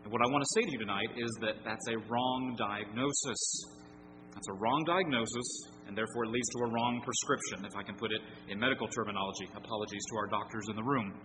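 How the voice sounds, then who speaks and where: A man's voice: fairly low pitch, fairly even intonation, fast talker, hardly any pauses, music in the background. Earnest male preacher in a reverberant church. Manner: earnest preaching with emphatic repetition. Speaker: pastor. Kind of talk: sermon. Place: church sanctuary. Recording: long hall reverb with background hum.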